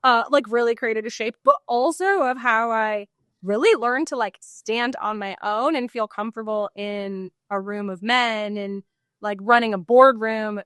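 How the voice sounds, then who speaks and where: A woman from Canada, chatting as a guest and telling animated stories. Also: medium pitch, dry recording, studio quality. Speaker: guest, former CEO. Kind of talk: casual interview chat.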